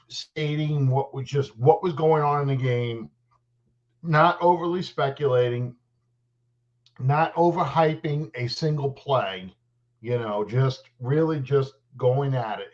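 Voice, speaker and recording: A man chatting casually about sports as a show co-host, speaking at a middling pitch. He rambles and restarts his sentences, and he turns animated as his stories pick up. His voice comes through dull and lo-fi over a call. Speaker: podcast co-host. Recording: dull lo-fi audio.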